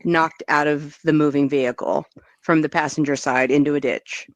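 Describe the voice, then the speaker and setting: A woman hosting a podcast in casual chat, deadpan and teasing. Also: low voice, normal speed, no room sound.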